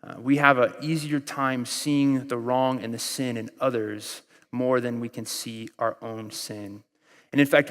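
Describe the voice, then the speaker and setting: A man's voice: medium pitch, long reverb tail. A man in his thirties with an American accent, preaching a sermon in a conversational, storytelling way and acting out quoted voices. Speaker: pastor.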